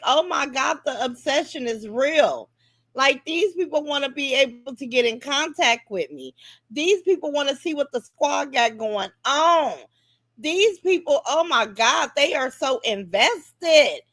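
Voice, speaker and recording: A woman's voice: sits high, no room sound. A woman hosting a casual livestream, greeting viewers by name and brashly mocking her critics. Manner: brash, animated, greets commenters and mocks detractors. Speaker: livestream host.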